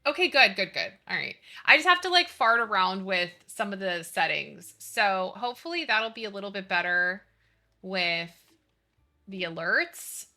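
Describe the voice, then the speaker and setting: A woman's voice: mid-range voice, lively intonation, moderate pace, pushed and bright. A young woman streaming live, chatting casually, swearing freely and apologizing as she fiddles with her settings.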